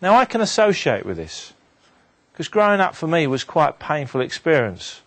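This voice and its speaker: A man giving a motivational talk to an audience, telling a story in an animated way and dropping his voice low and quiet for the sad moments. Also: moderate pace. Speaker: motivational speaker.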